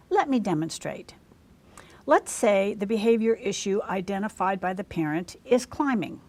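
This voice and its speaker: A woman giving scripted instructional narration for healthcare staff, measured, clear and carefully paced. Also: medium pitch, a little mellow.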